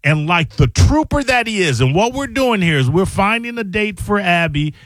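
A man's voice: sits high, animated, normal speed, fairly bright tone, dry recording, studio quality. A man hosting a radio show in casual banter, joking and laughing often. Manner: laughing, joking, talking over others. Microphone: studio microphone.

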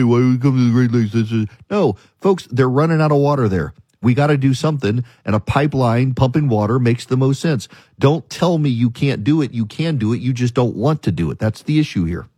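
A man's voice: mid-range voice, a little mellow, breathy edge, dry recording, studio quality. A man hosting a radio talk show, arguing his opinions emphatically and hammering the same points again and again. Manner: emphatic, argumentative, repeats points.

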